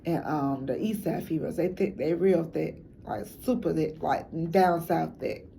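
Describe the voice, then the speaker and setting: A woman with a Chicago accent rambles frankly about her city in loose street slang. Her voice sits low and carries a gravelly edge, with a mellow, dark tone, and a faint hiss runs underneath. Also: measured pace. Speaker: documentary interviewee. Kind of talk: casual talk to camera.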